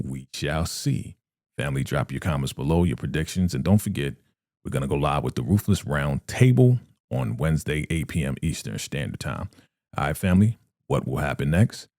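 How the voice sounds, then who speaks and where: A man's voice: a bass voice, creaky, a little mellow, no echo, clean studio sound. A man doing a casual, slangy recap of a TV episode, retelling it with animation and briefly acting out the characters' lines. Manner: slangy and conversational.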